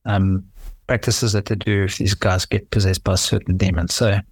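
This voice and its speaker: A man's voice: low voice, flat delivery, moderate pace, slightly rough, no echo. A man chatting casually on a podcast, rambling and hesitant with frequent restarts.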